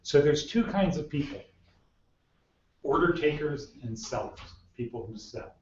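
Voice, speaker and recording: A man's voice: on the high side, animated, measured pace. A man teaching a job skills class, bluntly drilling his students with the same questions over and over. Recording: echoey room mic from far off, muffled.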